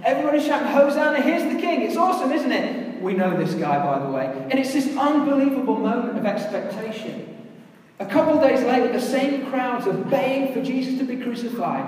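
A woman's voice: sits high, lively intonation, a little fast, a little mellow. A woman preaching a sermon in a conversational way, putting questions to her listeners. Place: large church hall. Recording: very echoey hall, voice from far off.

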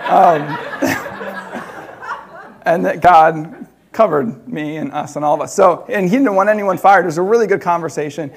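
A man preaching, telling a personal story in an animated way with laughter between loud and hushed moments. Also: on the high side.

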